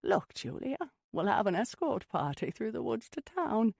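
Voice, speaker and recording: An older lady of a lonely gothic mansion, mischievous and endlessly amused, coos her words with a lively, swooping lilt, as an audiobook reader puts her on. Her voice has a gravelly, husky grain, and she calls everyone darling. The sound is close and dry. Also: mid-range voice, normal speed, no room sound, pitched above the performer's own voice. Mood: teasing.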